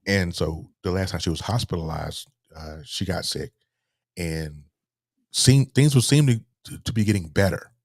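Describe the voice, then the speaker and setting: A man, a guest telling a painful personal story in a halting way, repeating words, his voice sinking low and soft. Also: gravelly, no echo, studio quality. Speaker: interview guest.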